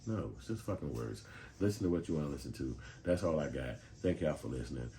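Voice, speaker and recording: A man from talks in a low, deep voice, delivering blunt, streetwise commentary full of profanity. A quiet hiss sits faintly under his voice. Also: lively intonation, fast talker. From Chicago. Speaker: commentary channel host.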